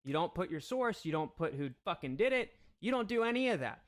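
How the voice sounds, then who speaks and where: His voice sits high and swings widely in pitch as he talks fairly fast. He's a livestream host, and he launches into a foul-mouthed, confrontational rant.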